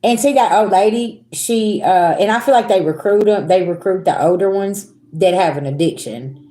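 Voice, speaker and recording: A young woman, telling a story to her viewers in a blunt, animated, profane way. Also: medium pitch, moderate pace. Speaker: spiritual reader vlogger. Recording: roomy echo.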